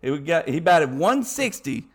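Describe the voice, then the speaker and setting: A man's voice: on the high side, big pitch swings, moderate pace, husky. A man playing a brash, foul-mouthed cousin with a Southern Alabama accent who curses and stumbles over his words. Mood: rowdy. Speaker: podcast guest character. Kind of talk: comedic improvised character bit.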